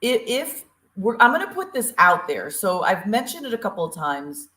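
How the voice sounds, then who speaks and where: A woman's voice: mid-range voice, sing-song, normal speed, bright, forceful tone, echoey room. A woman co-hosting a talk show, chatty and upbeat with lots of fillers, from Eastern Tennessee. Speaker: podcast co-host. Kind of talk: casual show opening and announcements.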